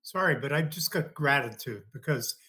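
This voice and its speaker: A man's voice: medium pitch, lively intonation, normal speed, bright, forceful tone. A man from the book club, speaking in an enthusiastic, appreciative way. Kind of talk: casual online meetup chat.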